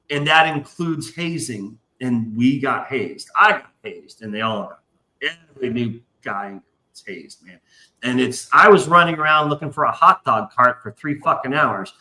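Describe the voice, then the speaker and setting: A man's voice: mid-range voice, sharp tone, roomy sound, low-quality recording. A man hosting a live stream, telling a story in a loose, profane way and acting out other people's lines. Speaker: podcast host. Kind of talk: casual storytelling chat.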